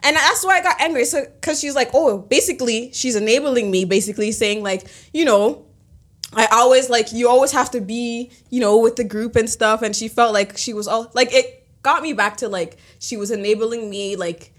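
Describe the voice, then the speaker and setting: Woman, podcast co-host, somewhat high voice. Chatty, emphatic storyteller who jumps from excited bursts to low, muttered remarks. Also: moderate pace. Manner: animated, emphatic, with frequent fillers; swings between excited highs and low, quiet asides. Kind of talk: casual storytelling chat.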